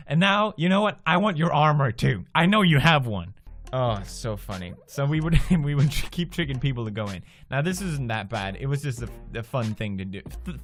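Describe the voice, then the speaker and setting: A man in his twenties from Sweden, telling a profane, animated gaming story as a video blogger and acting out people's reactions. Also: mid-range voice. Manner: profane, animated, laughs often, acts out quoted reactions. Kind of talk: casual storytelling monologue.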